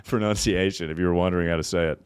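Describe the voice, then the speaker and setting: A young man hosting a comedy podcast, riffing casually and laughing often between loud bits and mumbled asides. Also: deep voice, a little fast, smooth, dry recording. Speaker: podcast host.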